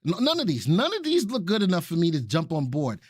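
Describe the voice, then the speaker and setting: A man hosting a live stock analysis webinar, excited and repeating phrases for emphasis while he talks to chat viewers. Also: fairly high pitch, fairly quick, slightly rough, no room sound, studio quality. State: excited and sweating. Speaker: stock market webinar host.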